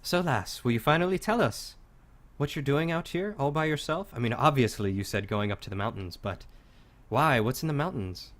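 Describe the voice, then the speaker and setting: A man's voice: mid-range voice, animated, normal speed, fairly bright tone, pitched above the performer's own voice, lightly acted. A man playing a gallant, teasing adventurer. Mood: curious. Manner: playful, calls her lass. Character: cocky flirtatious male adventurer, teasing and gallant.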